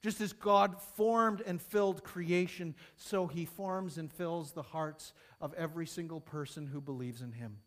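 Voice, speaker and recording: A man preaching a sermon to his congregation, rising to emphatic peaks and falling soft, then leading a prayer. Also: fairly high pitch, unhurried, few pauses. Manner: emphatic, building and falling in intensity.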